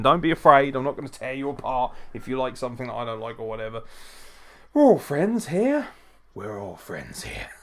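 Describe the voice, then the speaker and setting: This man hosts a live wrestling watchalong, tipsy, talkative and heavy on the profanity as he reacts to the action and welcomes viewers. His voice is medium-pitched with a fairly bright tone, and he hosts a wrestling podcast.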